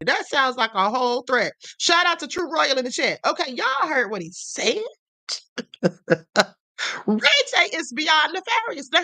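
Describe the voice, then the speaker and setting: A woman's voice: sits high, pushed and bright, no room sound. A woman hosting a livestream, giving sassy, emphatic commentary and calling viewers honey. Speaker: livestream host.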